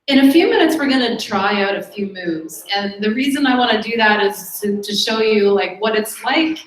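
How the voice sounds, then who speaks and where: A woman hosting a talk, summarizing the speaker's points in a measured way and introducing a demo. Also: mid-range voice, expressive. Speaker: event host. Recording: echoey room.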